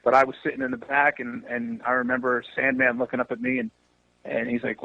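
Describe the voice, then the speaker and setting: A man's voice: mid-range voice, fast, dry recording, lo-fi sound. A man who is a wrestling promoter, telling stories in a casual podcast chat and swearing freely. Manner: animated storyteller, swears freely.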